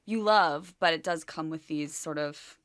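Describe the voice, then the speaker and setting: A woman's voice: sits low, a little slow, fairly bright tone, clean tone, no room sound. A woman guest, an actor, chatting thoughtfully and a bit hesitantly in a podcast studio. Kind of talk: casual chat.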